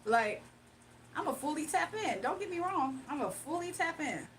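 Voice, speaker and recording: A woman chatting casually with her viewers on a livestream, animated and laughing often. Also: sits high, normal speed, a little hiss or hum.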